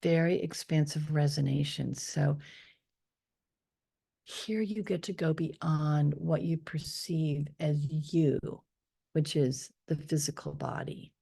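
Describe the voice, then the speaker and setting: A woman leading a guided meditation, speaking softly and slowly and often slipping into a whisper. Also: low voice, steady tone, gravelly, husky. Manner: slow, soft and drifting, often dropping to a whisper on affirmations. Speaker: spiritual teacher leading a meditation.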